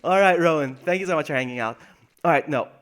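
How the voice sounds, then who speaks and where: A man streaming a game live, greeting viewers by name, yelping when things go wrong and mocking himself. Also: fast. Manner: excitable, jumps to high yelps when in danger, then mutters low. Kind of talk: live gameplay commentary.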